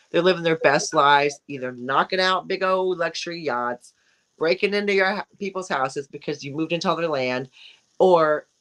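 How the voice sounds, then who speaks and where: Animated rambling woman co-host. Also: deep voice, rough recording. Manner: animated, rambling, frequent restarts. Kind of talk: casual chat.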